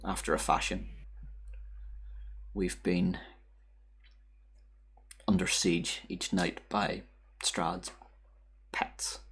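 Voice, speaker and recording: Solemn haunted young woman voiced by a low husky man, measured delivery. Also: little pitch movement, a bit bright, exaggerated voice. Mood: somber.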